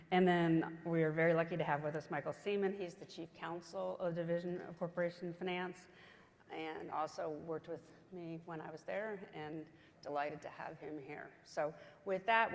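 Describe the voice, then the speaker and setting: A woman in her sixties with a faint Southern accent, moderating a conference panel in a chatty way with many fillers and restarts. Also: on the low side. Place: large conference hall. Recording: hall reverb, faint background noise.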